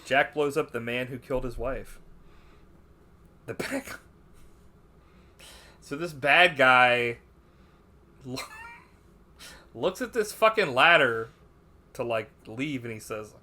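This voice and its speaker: A man's voice: medium pitch, lively intonation, takes it slowly, long pauses, sharp tone. A man co-hosting a podcast, reviewing a film in casual banter, swearing a lot and doing mocking impressions of the characters. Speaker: podcast co-host.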